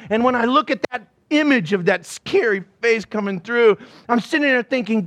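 A middle-aged man preaching in a church, his voice sitting high for a man. He tells stories with animated energy, acting out quotes and laughing along the way. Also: fairly quick, few pauses. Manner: animated storytelling, acts out quotes and laughs often. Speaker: pastor. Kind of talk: sermon.

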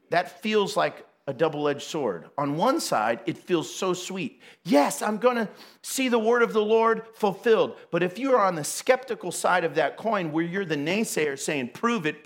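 A man's voice: sits high, a bit bright. A man giving a casual, playful sermon, often laughing and acting out the voices of the people in the story. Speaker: preacher.

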